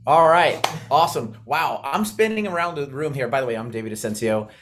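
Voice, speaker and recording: A man giving a high-energy motivational training talk on a video call, fast and intense, eager for the audience to respond. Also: sing-song, background noise. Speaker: coach mentor on a video call.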